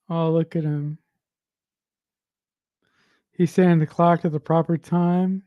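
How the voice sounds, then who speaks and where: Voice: mid-range voice, little pitch movement, takes it slowly, pauses often, no room sound, highs cut off. A watch-along host reacting to a film with emotion, sighing and swearing while talking to viewers. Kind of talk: live reaction commentary.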